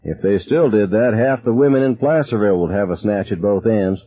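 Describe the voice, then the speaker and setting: A man's voice: lowish voice, fairly quick, pitched above the performer's own voice, natural voice. A man voicing a drunk middle-aged hunting buddy who makes crude jokes and backs down uneasily. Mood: joking. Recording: narrow phone-like sound.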